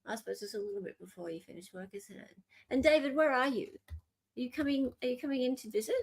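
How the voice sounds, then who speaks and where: A woman's voice: a little high, fast, husky. A woman with an Australian accent hosting a live stream, chatting playfully with her viewers. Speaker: livestream host. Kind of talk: casual live commentary.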